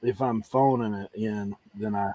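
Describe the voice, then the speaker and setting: A man in casual chat about reselling, telling animated stories and laughing often. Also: on the low side, measured pace, slight background noise.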